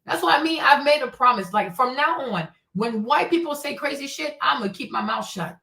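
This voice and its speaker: A woman's voice: high voice, expressive, a little fast, gravelly, pushed and bright, reverberant. A woman from Africa hosting a stream, ranting in a blunt, heated, profane way and repeating her points. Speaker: host. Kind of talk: livestream commentary rant.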